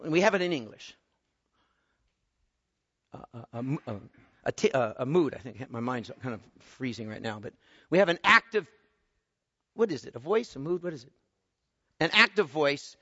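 Bright, high-voiced man preaching in a hall. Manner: swings from quiet explaining to loud emphatic bursts. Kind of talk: expository sermon. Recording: muffled sound with long hall reverb.

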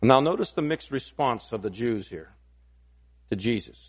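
A pastor preaching an expository sermon, emphatic and repeating key phrases for weight. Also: male voice, medium pitch, animated, normal speed, breathy edge.

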